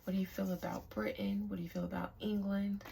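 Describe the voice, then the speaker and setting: A woman doing a casual tarot reading outdoors, talking in a slow, halting way and dropping into hushed invocations. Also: medium pitch, sing-song, vocal fry, a little hiss or hum. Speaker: tarot reader.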